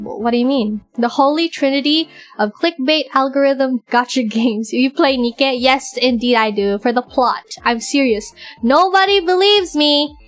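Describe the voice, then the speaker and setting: Woman streamer, casual chat, high voice, excitable, animated quoting.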